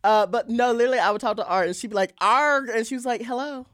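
A woman's voice: on the high side, rapid-fire. A woman co-hosting a podcast, giggly and exclamatory in casual banter. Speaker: podcast co-host.

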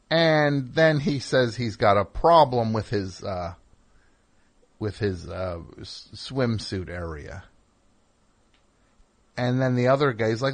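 A middle-aged man hosting a call-in radio show, telling rambling, wry, self-deprecating stories and chatting with callers. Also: medium pitch. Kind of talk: casual monologue and call-in chat.

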